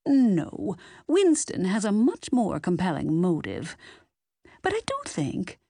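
Brief: a woman doing older lady amateur sleuth, brisk, reasoning, lively tone, dry recording. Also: medium pitch, dry recording, exaggerated voice.

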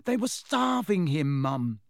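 A man's voice: fairly high pitch, big pitch swings, slow pace, no echo, studio quality, exaggerated voice. A man voicing a teenage boy who protests to his mother in a storybook reading. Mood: protesting. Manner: complaining, protesting. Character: teenage boy, exasperated twin brother.

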